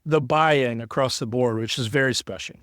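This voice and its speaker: A man's voice: medium pitch, moderate pace, fairly bright tone, no echo. A man from Cincinnati, a guest in an interview, talking in an earnest, heartfelt and long-winded way, close to tears. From Cincinnati, United States. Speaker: interview guest, sports broadcaster. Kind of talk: candid conversational interview.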